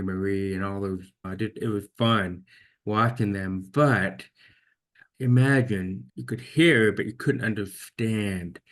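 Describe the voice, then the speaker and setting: A man with a deaf accent, telling his own story as an interview guest in an earnest, reflective way. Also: fairly low pitch. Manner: earnest, reflective, repeats words when restarting.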